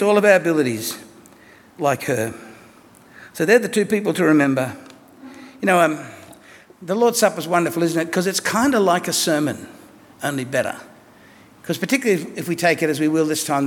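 A man preaching a sermon in a conversational, lively way, asking his listeners questions and telling stories. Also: fairly high pitch, a little hiss or hum. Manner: conversational, animated storytelling with rhetorical questions. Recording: long echo of a large hall.

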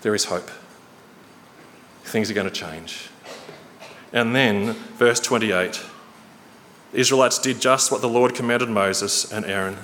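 A man preaching a sermon in a church hall, earnest and storytelling, slowing and quickening for emphasis. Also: fairly low pitch, fairly bright tone. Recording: reverberant hall, faint noise.

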